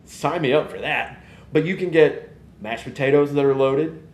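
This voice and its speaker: A man, hosting a casual live podcast and rambling in an animated way. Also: fairly high pitch, moderate pace, echoey room. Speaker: podcast host. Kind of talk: casual live-stream chat.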